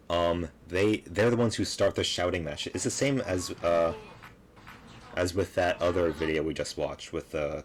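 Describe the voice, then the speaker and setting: Deep-voiced man mocking a clip. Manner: laughing, mocking, rambling with many fillers. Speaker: video commentator. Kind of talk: casual reaction commentary.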